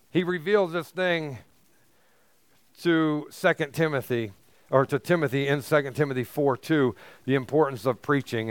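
Male pastor, emphatic sermon delivery, high clear voice. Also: dry recording. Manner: emphatic preaching, rising to near-shouts on key phrases.

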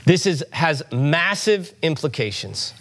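A middle-aged man preaching a sermon to a congregation in a church, conversational and animated, with asides and rising emphasis. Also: on the high side, slow pace. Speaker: pastor.

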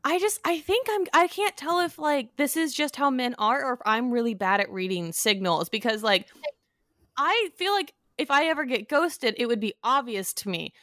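A woman's voice: high-pitched, animated, normal speed, fairly bright tone, dry recording. A young woman co-hosting a podcast, telling a dating story in a casual, chatty way full of fillers. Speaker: podcast co-host. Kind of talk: casual chat.

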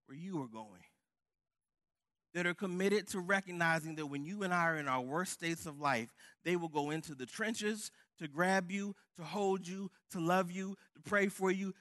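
High-voiced fervent preacher man. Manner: fervent preaching, builds to shouted emphasis. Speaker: pastor. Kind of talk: sermon.

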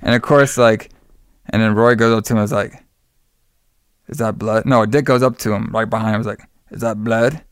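A young man in casual podcast chat, recapping a movie with lively storytelling and acting out the characters' lines. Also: lowish voice, fast, clear, resonant tone, dry recording, clean studio sound.

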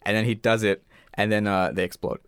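Man, podcast co-host, low voice, rambling casual chat, dry close sound. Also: little pitch movement, a little fast, clean tone, no echo. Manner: rambling, with many restarts.

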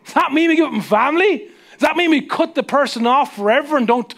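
Male Irish preacher, very high register, chatty sermon delivery with hushed emphasis. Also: lively intonation, creaky. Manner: conversational, asks the audience questions; slows down and drops to a hush for emphasis. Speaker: pastor.

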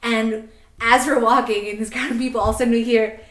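A woman in her twenties from Canada, chatting casually on a podcast and telling a story in an animated way, acting out quotes. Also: on the high side, roomy sound. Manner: animated, quick, laughing asides, acts out quotes. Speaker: podcast co-host.

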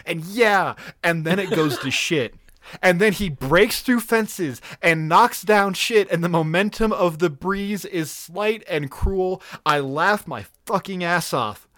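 Excitable, swearing man recapping cartoons. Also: sits high, takes it slowly, no echo, studio quality. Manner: profane, excitable, laughs often. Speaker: podcast co-host. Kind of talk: casual episode recap.

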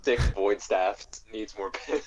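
A young man in casual chat about video games, relaxed and quick to laugh. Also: fairly low pitch, crowd noise. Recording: dull lo-fi microphone.

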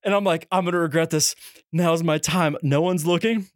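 High-voiced young man telling a wild story. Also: normal speed, dry recording, studio quality. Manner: animated, acts out quotes with big pitch jumps and shouts. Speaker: podcast co-host. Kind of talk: comedic storytelling.

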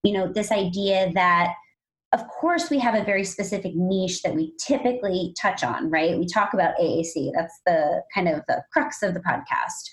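A woman co-hosting a podcast, telling stories in a casual, animated way and acting out the people she quotes. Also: fairly low pitch, moderate pace, rough recording. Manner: animated storyteller, acts out quoted voices. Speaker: podcast co-host.

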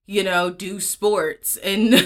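A woman's voice: medium pitch, fairly even intonation, extremely slow, fairly bright tone. A young woman co-hosting a casual podcast, blunt and joking in the way she talks. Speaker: podcast co-host. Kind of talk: casual chat.

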